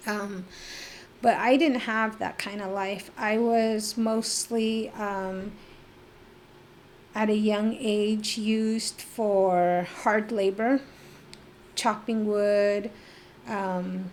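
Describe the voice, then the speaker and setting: A middle-aged woman from northeastern Arizona, recounting her life as an interview guest, reflective and halting, with pauses and fillers. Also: mid-range voice, a little mellow, a little hiss or hum. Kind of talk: personal life-story interview.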